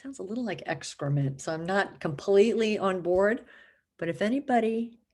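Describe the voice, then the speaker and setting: A woman's voice: medium pitch, lively intonation, normal speed, a little mellow. A woman chatting casually to the camera, rambling and self-mocking, laughing often and slipping into put-on accents for fun. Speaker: vlogger.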